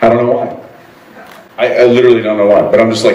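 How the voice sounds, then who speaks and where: A man's voice: on the low side, flat delivery, fast talker, recorded from a distance. A man on a convention panel, teasing and laid-back as he answers audience questions. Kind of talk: joking panel banter. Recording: echoey hall with loud crowd. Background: loud audience noise.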